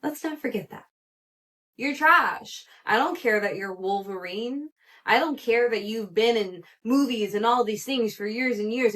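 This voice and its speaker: A woman hosting a casual solo gossip podcast, chatty and animated, laughing often and acting out the people she quotes. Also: on the high side. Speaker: podcast host.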